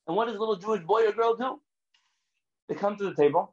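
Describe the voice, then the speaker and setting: A man, a rabbi, giving a lecture full of stories, animated and emphatic, sometimes rising almost to a shout. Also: sits high, quick pace, long pauses, dull audio. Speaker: rabbi teaching a class. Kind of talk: lecture with storytelling.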